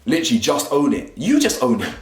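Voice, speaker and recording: A man's voice: medium pitch, quick pace, roomy sound, faint music behind. A young man, commenting casually at home on a reality show in slangy, emphatic talk. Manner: animated, slangy, repeats himself for emphasis. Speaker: YouTuber reviewing a reality show.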